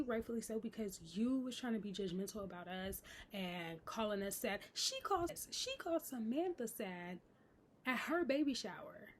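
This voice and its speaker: Woman recapping a tv show, bit high voice, animated and fed up. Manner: animated, exasperated, talks straight to viewers. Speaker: recap vlogger. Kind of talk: casual TV recap chat.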